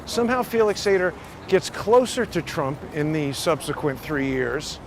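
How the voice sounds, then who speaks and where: A man's voice: on the high side, lively intonation, moderate pace. A man hosting a vlog, talking in a casual, musing way with restarts as he walks outdoors on a city street. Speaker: vlog host. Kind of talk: casual walking monologue. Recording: loud street traffic noise.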